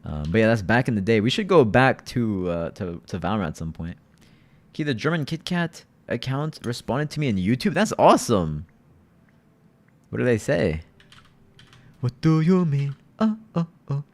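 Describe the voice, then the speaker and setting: In a casual gaming live stream, a young man talks with his viewers at normal speed in a mid-range, sing-song voice. He keeps repeating himself and calls everyone "bro."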